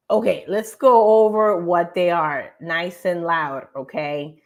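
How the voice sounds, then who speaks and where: A woman hosting a morning show, giving an emphatic, animated motivational talk over slides and speaking straight to her audience. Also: on the low side, takes it slowly, few pauses. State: tired.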